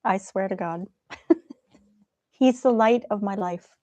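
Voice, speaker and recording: A gentle, chatty middle-aged woman hosting a live stream, talking to viewers and laughing now and then. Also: medium pitch, slow pace, no room sound. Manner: gentle, chatty, laughs often, soft asides. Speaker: live stream host reading chat. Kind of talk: casual live stream chat.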